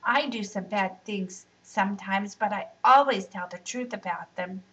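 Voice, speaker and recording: A woman's voice: mid-range voice, a little slow, fairly bright tone, close to an everyday voice, low-quality recording. A woman reading aloud, voicing a cocky young boy who scoffs and sounds self-righteous. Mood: preachy. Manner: scoffing, mock-virtuous.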